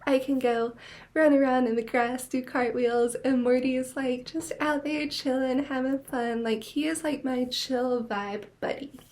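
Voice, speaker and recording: A young woman chats on her own podcast in a loose, gushing way, with "like" in nearly every line. Her voice sits a little higher than most women's. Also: steady tone, a little slow, darkish tone. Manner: chatty, many "like" fillers, gushing. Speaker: podcast host. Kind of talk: casual monologue.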